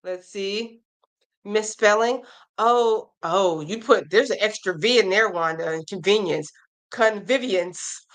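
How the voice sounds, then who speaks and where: A woman's voice: medium pitch, unhurried, a bit bright. A woman hosting a casual crochet live stream, chatting with viewers, reading their comments aloud and reacting, and running through pattern blurbs in an upbeat tone.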